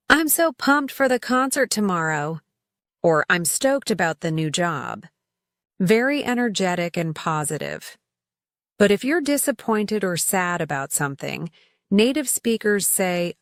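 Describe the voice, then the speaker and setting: A woman gives a scripted English lesson at an unhurried pace. She talks in a dry, close-sounding room. Her voice jumps up brightly whenever she acts out an example phrase. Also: medium pitch, dry recording. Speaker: English teacher.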